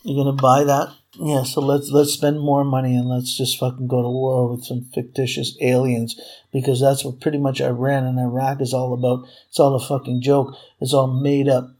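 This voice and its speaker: Gravelly-voiced man ranting furiously. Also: mid-range voice, flat delivery, normal speed, darkish tone. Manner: furious, profane, repetitive ranting. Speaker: vlogger. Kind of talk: angry political rant to camera.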